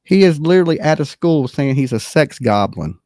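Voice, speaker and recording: A livestream host giving animated, blunt and profane commentary, talking straight to the chat and opening call-in lines. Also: mid-range voice, fairly quick, dry recording, studio quality. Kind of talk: live-stream commentary with call-ins.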